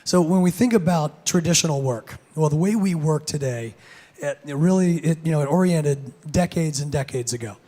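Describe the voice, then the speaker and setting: A man with a hoarse, gravelly voice giving a casual keynote talk on a conference stage, with many fillers and restarts. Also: on the high side, moderate pace, warm tone. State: hoarse, lost voice. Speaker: conference speaker.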